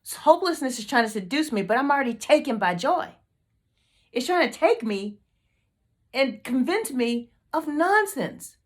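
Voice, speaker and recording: A woman's voice: high-pitched, very animated, normal speed. A woman hosting a motivational team meeting video, fired up and emphatic, repeating her questions to the group.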